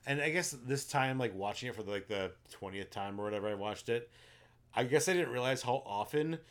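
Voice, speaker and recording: Fairly quick and medium-pitched, this male podcast co-host chats casually about films. His lengthy plot retellings ramble, with plenty of ums and likes.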